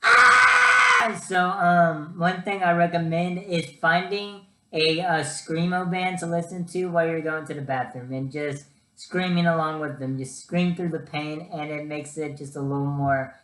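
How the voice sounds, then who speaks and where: A man's voice: a little high, moderate pace, few pauses, reverberant, raised voice. A young man giving casual vlog advice, chatty and full of ums and uhs. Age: young adult. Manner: chatty, lots of ums and uhs, animated storytelling. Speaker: student vlogger.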